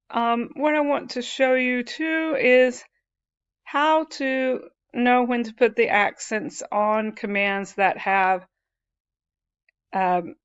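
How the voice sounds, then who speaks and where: Patient woman teacher walking through grammar rules, unhurried and clear, slightly muffled audio. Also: mid-range voice, a bit bright. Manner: patient, explains step by step with fillers. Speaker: Spanish teacher. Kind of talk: classroom grammar lesson.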